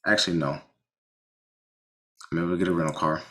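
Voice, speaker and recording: Here a low-voiced man at a moderate pace casually tells about a car accident that happened to him; he's animated, keeps restarting, and swears bluntly.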